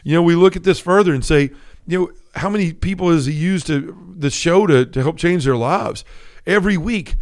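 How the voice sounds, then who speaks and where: A man's voice: fairly high pitch, moderate pace. A middle-aged man hosting a faith podcast, sharing his personal testimony in an earnest, conversational way, often checking in with "right?". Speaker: podcast host.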